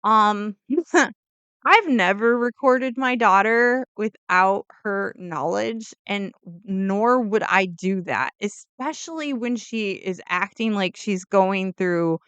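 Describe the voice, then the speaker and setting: Woman, true crime vlogger, bright voice, very clear and dry sound, rambling, filler-heavy. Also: mid-range voice, slow pace, dry recording. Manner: rambling, heavy use of "like", self-interrupting asides; opinionated, hedging disclaimers. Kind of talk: casual true crime storytelling.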